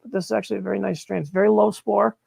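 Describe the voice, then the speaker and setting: Gravelly high-pitched man ranting. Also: fairly even intonation, racing, darkish tone, dry recording. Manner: blunt, exasperated, swears freely. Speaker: host of a live mushroom-growing stream. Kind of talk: casual live demonstration and Q&A.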